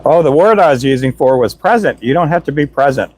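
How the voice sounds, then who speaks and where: Speaking fast with lively intonation, a self-described chatterbox runs his own live stream through a Donner desk mic, with no room sound. His slightly high voice is tired from hours of talking, but he keeps rambling cheerfully with jokes and shout-outs.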